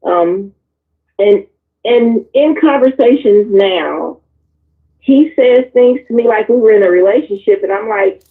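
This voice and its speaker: A woman's voice: fairly high pitch, unhurried. A woman on a discussion panel, telling candid personal stories in casual chat. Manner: candid, animated storyteller. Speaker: panel guest. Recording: tinny phone-like audio.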